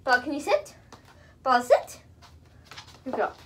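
A woman's voice: high voice, big pitch swings, measured pace, fairly bright tone, slight background noise. A young woman vlogging at home, repeating commands to her dog and gushing with praise, a little out of breath. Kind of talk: casual home vlog.

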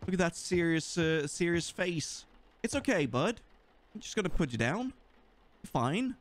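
A man's voice: a little high, a little slow. A young man with a Swedish accent giving playful let's-play commentary and chatting to the game as he plays. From Sweden. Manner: animated, joking, talks to the game. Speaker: gaming YouTuber.

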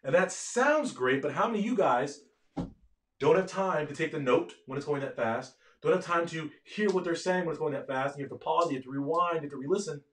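Energetic man lecturing live online. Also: a little high, brisk, echoey room. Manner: energetic, keeps asking the audience questions. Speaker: medical education lecturer. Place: office at home.

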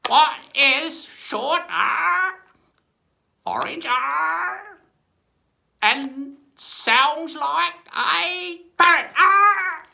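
A man voicing an excitable male parrot first mate, squawking and screeching in a shrill voice. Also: very slow, vocal fry, full character voice. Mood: excited squawking.

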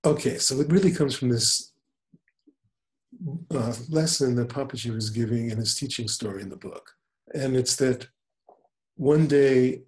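A man in his seventies, a spiritual teacher talking in an unhurried, gentle storytelling manner. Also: medium pitch. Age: 70s. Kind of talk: spiritual conversation.

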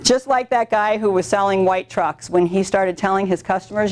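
A middle-aged woman presenting a business training workshop to a room of contractors. She tells stories in an animated way and acts out what people said. Her voice sits at an ordinary, mid-range pitch. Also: normal speed. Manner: animated storytelling with acted-out quotes. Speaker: workshop instructor.

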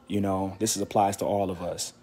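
Winded guy preaching to his channel, earnest and repetitive, warm mellow tone. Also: low-pitched, flat delivery, fairly quick, husky. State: out of breath after walking. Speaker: faith channel host. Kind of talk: informal faith exhortation.

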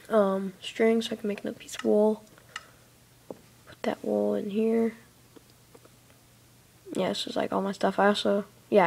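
A woman talks her way casually through a building game, rambling and giggling, then breaking into excited squeals. Her middle-pitched voice has a gravelly fry to it. She sits in a dark room, picked up by a tablet's built-in mic. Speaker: let's play host. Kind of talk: casual gameplay commentary. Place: dark room, sitting in a big armchair. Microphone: tablet microphone.

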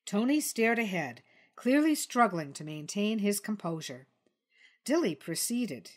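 A woman narrating a storybook in an even, measured read. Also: mid-range voice. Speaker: story reader.

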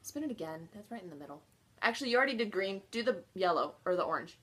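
Bright, animated young woman vlogger. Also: medium pitch, quick pace, breathy edge. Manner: squealing, dramatic disgust. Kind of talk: casual chat, jelly bean challenge.

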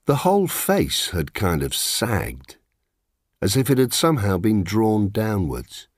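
A man's voice: lowish voice, very animated, measured pace, no room sound, studio quality. A middle-aged man narrating in the first person, wry, reflective and plain-spoken.

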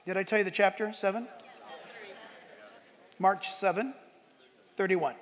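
Male pastor, high and gravelly, lively conversational sermon with sudden shouts; long church-hall reverb. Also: moderate pace, pauses often. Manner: animated, conversational storytelling with bursts of shouting. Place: church sanctuary.

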